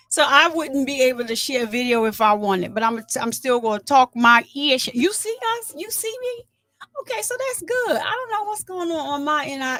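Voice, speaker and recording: A woman hosting a casual livestream, talking indignantly and chatting with her viewers. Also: fairly high pitch. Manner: animated, indignant, chats with viewers. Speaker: livestream host.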